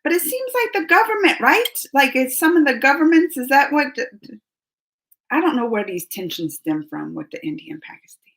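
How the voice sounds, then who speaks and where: A woman in her forties hosting a live stream, talking to her chat in an animated way and repeating herself as she calls chatters by name. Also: high-pitched, a little fast, poor audio. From United States. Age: 40s.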